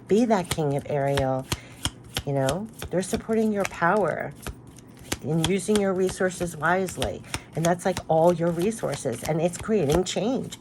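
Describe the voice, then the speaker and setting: A woman's voice: sits low, background noise. A woman giving a spiritual tarot card reading, talking in an earnest, emotional, rambling way with many restarts.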